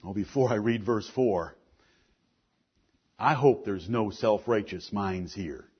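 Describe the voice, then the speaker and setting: A man's voice: slow, husky. A man preaching a sermon as pastor, reading scripture and explaining it to his congregation with strong emphasis. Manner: preaching with rising emphasis, then dropping to a low, quiet delivery. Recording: dull lo-fi church recording.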